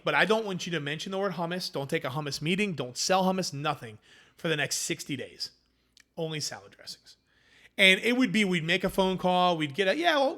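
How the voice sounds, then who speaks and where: Guy with a bright higher voice, chatty founder story, does all the voices in his quotes. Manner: animated, acts out quoted dialogue. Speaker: food company founder. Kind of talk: casual interview storytelling.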